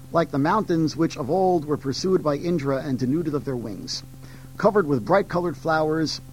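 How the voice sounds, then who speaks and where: Male teacher, reading aloud, fairly high voice, steady narration with ums in asides. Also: rough recording. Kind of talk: classroom read-aloud of literature.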